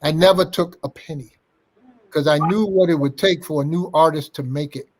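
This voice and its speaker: An older man with a slightly high voice at normal speed tells a story as an interview guest. He's an animated anecdote-teller, acting out the dialogue of the people in it as he goes.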